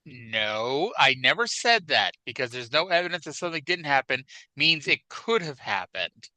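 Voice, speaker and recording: A man's voice: mid-range voice, sing-song, normal speed, bright, forceful tone, dry recording, poor audio. A man co-hosting a wrestling podcast in casual chat, wry and chatty with hedging asides, on a close mic. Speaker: podcast co-host.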